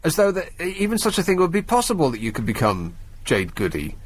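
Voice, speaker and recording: A man's voice: on the high side, huge pitch swings, fast talker, slightly rough, no echo. Sardonic male radio host, dry studio sound. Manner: sardonic, mocking. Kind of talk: casual radio talk. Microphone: studio microphone.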